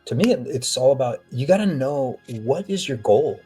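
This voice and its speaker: A man talking as a guest on an interview podcast, an animated storyteller who slips into acted-out quotes. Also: mid-range voice, normal speed, slightly rough, soft background music. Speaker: author and actor, podcast guest. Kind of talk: casual interview talk.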